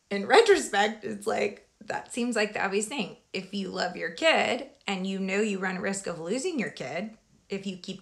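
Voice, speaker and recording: A woman chatting casually with her viewers about her recovery, digressive and quick to laugh, with sudden animated outbursts. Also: mid-range voice. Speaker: vlogger sharing her recovery story. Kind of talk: casual live chat with viewers.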